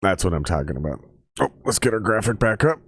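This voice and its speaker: A man with a lowish voice talks loosely into a dry, close mic, swearing and joking with viewers of his stream. He breaks into excited play-by-play calls as the game unfolds. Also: fast, slightly rough, no room sound. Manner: profane, loose and excitable, jumps to loud play-by-play. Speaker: streamer watching football. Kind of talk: casual live-stream watch-along chat. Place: table at home.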